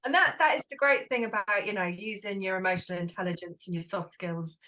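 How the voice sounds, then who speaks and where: A middle-aged woman, a guest on an interview podcast, animated and playful as she tells stories. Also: mid-range voice, a little fast. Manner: lively, animated storyteller, playful. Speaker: guest, wellness entrepreneur. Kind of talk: casual interview chat.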